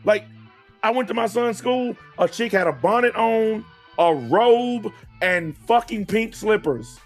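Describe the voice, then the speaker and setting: A man, hosting a casual podcast debate, blunt and profane, slowing down to stress his points. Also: high-pitched, animated, soft background music. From American South. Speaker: host.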